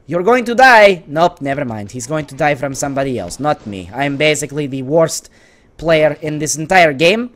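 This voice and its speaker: A man with a hoarse voice giving exasperated, sarcastic, excitable commentary over his own gameplay. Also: a little high, normal speed. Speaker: gaming channel host.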